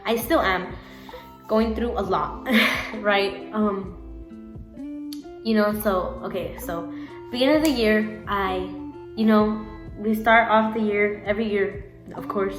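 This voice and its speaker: A woman's voice: medium pitch, a little slow, pauses often. A young-sounding woman talks to her camera in a loose, rambling way, laughing at herself and restarting her sentences. Her mid-range voice sits in a roomy, echoing space, with faint guitar music underneath. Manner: rambling, giggly, self-correcting, many fillers. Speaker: vlogger. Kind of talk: casual chat to camera.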